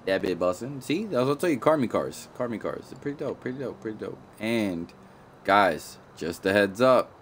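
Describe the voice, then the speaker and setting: Laid-back low-voiced male game streamer. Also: lively intonation, moderate pace, slight background noise. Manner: playful, slangy, often apologetic, repeats himself. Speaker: gaming streamer. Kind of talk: casual live-stream commentary.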